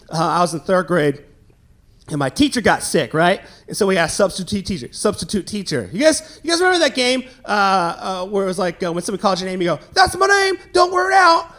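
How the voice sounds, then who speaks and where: A young man doing stand-up comedy with a high voice that climbs and swoops all over. He tells his stories with lots of animation and bursts into shouted quotes of the people in them. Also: expressive, fast talker. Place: comedy stage before a live audience.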